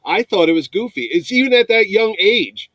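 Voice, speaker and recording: With a high voice at a moderate pace, a fifty-something convention producer from New York spins stories in casual conversation, imitating the people he quotes. There's no room sound, and the audio is poor.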